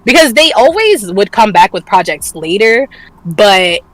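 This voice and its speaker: A woman in casual conversation, telling her story with frank, profane humor and frequent laughter. Her voice sits at an ordinary pitch. It is recorded dry, with little room sound. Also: sing-song, measured pace, a bit bright, no room sound, poor audio. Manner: candid storytelling, swears freely, laughs often. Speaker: podcast co-host. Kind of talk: casual chat.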